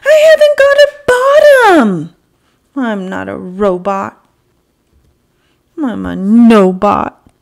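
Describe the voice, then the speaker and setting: A woman voicing a bottomless male robot who cries out loudly and high as he hunts for his lost part in a storybook. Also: steady tone, slow, creaky, pauses often. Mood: upset.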